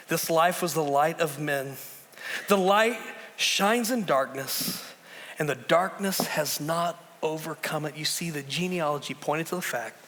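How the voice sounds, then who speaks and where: A middle-aged man preaching a sermon as pastor in a church, telling stories with lively swings between loud bursts and hushed, slow drops, often repeating words as he builds. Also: on the high side. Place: church sanctuary. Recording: long reverb of a large hall.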